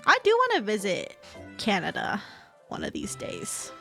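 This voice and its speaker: A woman's voice: mid-range voice, wildly swooping pitch, moderate pace, gravelly, a bit bright, soft background music. A young adult woman streaming, chatting casually with viewers, rambling, laughing often and swearing casually. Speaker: VTuber streamer. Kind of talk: casual chat with viewers while reading chat.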